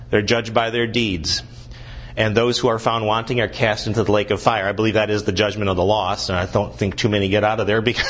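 A man's voice: fairly bright tone, slight background noise. A man preaching a sermon as a guest pastor, asking the congregation questions and building to emphatic points. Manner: earnest preaching, rising in pitch and intensity when pressing a point.

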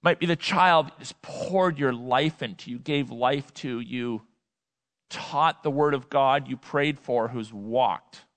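A male pastor preaching a sermon, emphatic, swinging between loud and quiet and repeating words for effect. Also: medium pitch, slow. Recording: long hall reverb.

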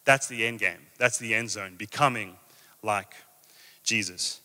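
A man preaching a sermon to a live church audience, emphatic and energetic, easing into soft drawn-out phrases. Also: fairly low pitch. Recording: reverberant hall with soft guitar behind.

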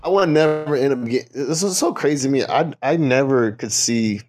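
A man co-hosting a casual podcast, talking in a halting way with street slang. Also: medium pitch, a little mellow. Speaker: podcast co-host. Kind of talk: casual chat.

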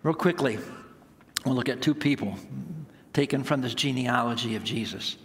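A man's voice: medium pitch, normal speed, slight background noise. A man around sixty, a pastor preaching a sermon, telling a story with laughter. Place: church sanctuary. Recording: long hall reverb.

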